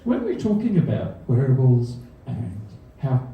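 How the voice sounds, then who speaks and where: A man's voice: mid-range voice, huge pitch swings, measured pace, narrow, tinny audio. A man giving a comedy science talk on stage, with dry, self-deprecating humor and chuckles at his own jokes. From Australia. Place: comedy venue stage before a live audience. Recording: echoey hall, mic from a distance.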